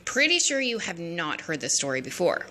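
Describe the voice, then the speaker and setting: A woman's voice: lowish voice, very animated, moderate pace, pushed and bright. A woman narrating a silly story over her drawings in an offhand, goofy, chatty way.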